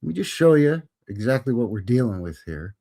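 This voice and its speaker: A man from Canada hosts a live stream in a folksy, chatty way, greeting his viewers one by one. His pitch swings widely and keeps the talk animated. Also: brisk. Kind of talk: casual live-stream chat.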